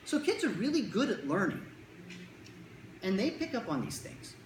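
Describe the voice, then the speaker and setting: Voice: medium pitch, big pitch swings, moderate pace. A presenter giving a talk to parents on child anxiety in a conversational, jokey way, acting out quotes. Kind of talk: lecture to parents. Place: lecture room with an audience. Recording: roomy echo, faint room noise.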